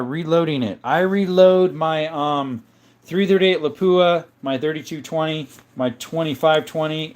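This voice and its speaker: A man hosting a live stream in a casual chat style, reading out viewer comments and answering them in a relaxed, easygoing way. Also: medium pitch. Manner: relaxed, with frequent uh and um.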